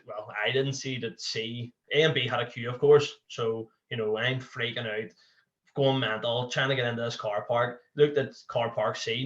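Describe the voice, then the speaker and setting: A man's voice: medium pitch, a bit bright, highs cut off. A young man with a Northern Irish accent, a podcast guest telling a candid personal story in a rambling way, full of "you know" and restarts.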